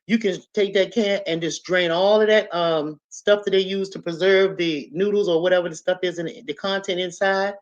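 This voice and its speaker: A woman's voice: on the low side, fairly even intonation, normal speed, hardly any pauses. A woman hosting a casual instructional vlog, chatty and repetitive, often checking in with "okay?" and "right?". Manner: chatty, repeats herself, asks "okay?" and "right?". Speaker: channel host. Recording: slightly dull lo-fi audio.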